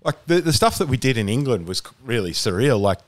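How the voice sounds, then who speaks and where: This young Australian podcast guest has a mid-range voice that swings widely in pitch, and he speaks quickly. His casual chat meanders, heavy with fillers and restarts.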